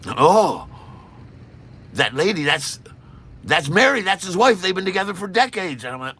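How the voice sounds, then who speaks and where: A man telling a personal story in an animated, self-mocking way. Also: high-pitched, moderate pace, pauses often, slight background noise.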